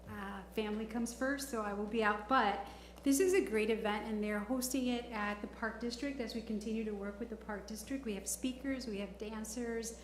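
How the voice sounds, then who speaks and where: Chatty woman in a roomy chamber. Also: fairly high pitch. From Chicago. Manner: warm, chatty, laughing often. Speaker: village trustee. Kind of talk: board meeting remarks. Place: council chamber. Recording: roomy chamber audio, faint noise.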